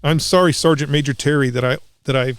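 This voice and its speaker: Rambling former Marine, slightly high voice. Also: male voice, fairly even intonation, fast, smooth, no room sound. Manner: rambling anecdotes with many restarts, laughs and acted-out quotes. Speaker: podcast co-host. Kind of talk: casual storytelling chat.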